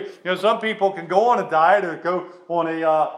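A man preaching a sermon in an earnest, halting way, with restarts and fillers, loud on key lines and dropping quiet at their ends. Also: a little high, animated, poor audio. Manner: swings between loud emphatic lines and dropped, quiet endings.

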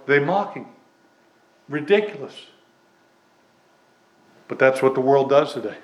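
A man preaching a sermon in an earnest, halting way, with restarts and fillers, loud on key lines and dropping quiet at their ends. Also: medium pitch, animated, dull audio. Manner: swings between loud emphatic lines and dropped, quiet endings.

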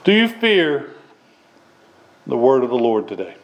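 A man preaching a sermon in an earnest, halting way, with restarts and fillers, loud on key lines and dropping quiet at their ends. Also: medium pitch, very animated, low-quality recording. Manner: swings between loud emphatic lines and dropped, quiet endings.

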